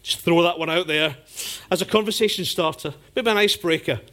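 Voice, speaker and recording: A man delivers a sermon in a fairly high voice. He tells his stories vividly and slips into different voices to act out each scene. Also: a little fast. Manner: storytelling, acting out scenes with lively voices. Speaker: preacher.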